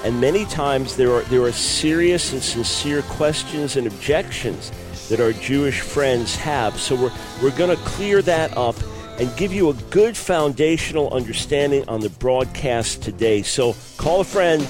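Over music, the radio host explains his subject a little slowly in a mid-range voice. He's earnest and eager, repeating words whenever he restarts a thought.

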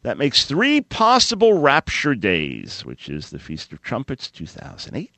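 A man hosting a call-in radio show, reading and commenting with sarcastic, animated asides. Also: fairly low pitch, measured pace, creaky, no room sound. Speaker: radio talk show host.

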